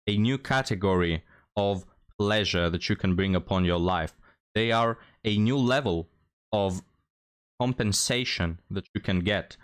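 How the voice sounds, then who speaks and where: A man's voice: lowish voice, unhurried, clear, resonant tone. A man hosting a commentary show, lecturing his viewers and telling a moral story. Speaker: commentary host. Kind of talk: reaction commentary.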